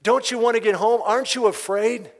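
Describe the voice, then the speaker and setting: A man voicing a gruff, tense soldier on a train, shouting sharply and scolding. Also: very high-pitched, steady tone, brisk, in a large hall, voice pushed up. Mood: exasperated.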